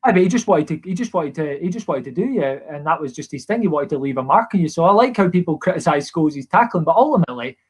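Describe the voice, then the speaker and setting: Scottish ex-footballer guy chatting quick, bit high voice, keeps restarting. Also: expressive, slightly rough. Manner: quick, earnest storytelling with many restarts. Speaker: guest, former footballer. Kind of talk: casual podcast chat.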